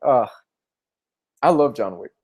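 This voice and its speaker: This young comic book vlogger has a husky, darkish, medium-pitched voice with lively intonation and a slow pace. Chatting casually on a livestream, he speaks candidly and emotionally, sometimes tearing up.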